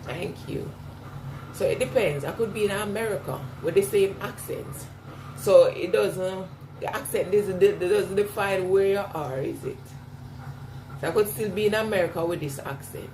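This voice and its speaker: A woman's voice: mid-range voice, moderate pace, far from the mic, background noise. Chatty accented woman in an echoey room. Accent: non-standard English accent. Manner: chatty, laughs often, repeats herself to answer comments. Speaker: vlogger reading live chat. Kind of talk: casual chat with viewers. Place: indoors, washing her hair. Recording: echoey room with clear background ambience.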